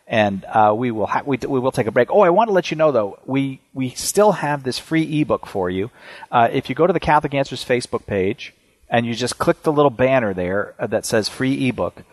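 A male radio host talks in a loose, chatty way, joking and restarting his sentences. His voice is close and dry on a studio mic, with a mid pitch. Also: lively intonation, brisk, no echo. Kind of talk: call-in radio talk.

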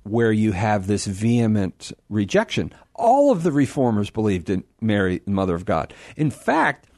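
A man speaking as a guest on a radio show, explaining things in an animated, self-deprecating way. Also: fairly low pitch, normal speed, dry recording, clean studio sound. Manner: animated, explanatory, laughs at himself. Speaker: guest, apologist.

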